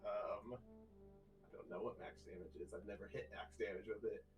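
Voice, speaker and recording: A man's voice: on the low side, steady tone, normal speed, music in the background, low-quality recording. A man playing a tabletop game casually, thinking aloud as he counts his dice rolls. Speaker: player.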